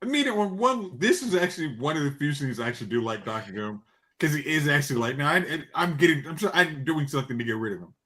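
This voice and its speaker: A man's voice: on the high side, lively intonation, fast, fairly bright tone. A man in casual chat about films, asking questions and laughing often. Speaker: co-host.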